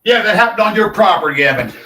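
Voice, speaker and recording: An older man in an angry, profane livestream rant, confrontational and shouting at times. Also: sits high, lively intonation, fast talker.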